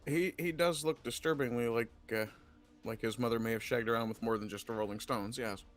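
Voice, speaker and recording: A man's voice: mid-range voice, brisk, soft background music. A man who is a guest on a casual stream, making wry, chuckling asides.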